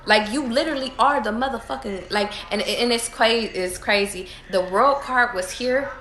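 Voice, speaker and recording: A woman's voice: on the high side, moderate pace, a bit bright, reverberant. A woman giving casual tarot readings to her viewers, talking emphatically with lots of profanity, repeating and restarting her phrases. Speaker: tarot reader.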